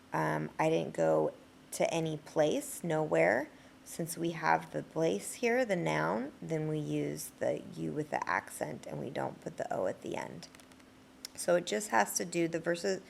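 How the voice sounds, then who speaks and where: A woman talks through a recorded screencast lesson in a patient classroom manner, stopping often for fillers. Her voice sits a bit low and carries heavy fry. A faint background hiss runs under the recording. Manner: explains patiently with frequent fillers. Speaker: Spanish teacher.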